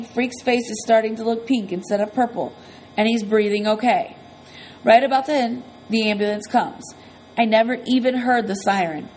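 A woman's voice: fairly high pitch, darkish tone, slight background noise, poor audio. A woman narrating an audiobook in the first person, earnest and conversational.

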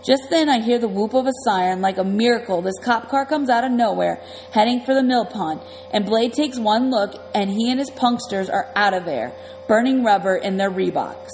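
A woman's voice: medium pitch, lively intonation, normal speed, darkish tone, big-room sound, slight background noise, rough recording. A woman reading a novel aloud in the first person, in a casual, slangy storytelling manner. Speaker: audiobook narrator.

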